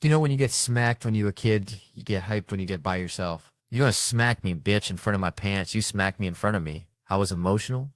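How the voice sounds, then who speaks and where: Man doing stand-up, clipped punchy story lines, lowish voice, dry mic. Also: fairly quick, hardly any pauses, dry recording. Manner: punchy, animated storytelling with short clipped sentences. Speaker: stand-up comedian.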